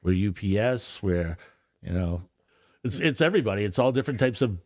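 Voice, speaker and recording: A man's voice: on the low side, expressive, brisk, no echo, studio quality. A man, a guest on a podcast, chatting casually about union work in a rambling way, swearing freely and restarting his sentences often. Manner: rambling, profane, frequent restarts. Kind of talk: casual chat.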